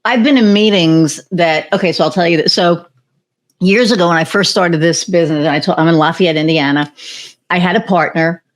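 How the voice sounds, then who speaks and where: A woman who owns a business, telling a candid, animated story as a podcast guest and swearing freely. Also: on the low side, fairly quick. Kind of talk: casual conversational storytelling.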